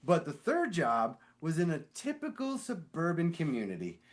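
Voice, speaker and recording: A man casually telling a story on a podcast, animated and swearing, acting out the voices of the people in it. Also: on the high side, moderate pace. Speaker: podcast co-host; sewer inspector.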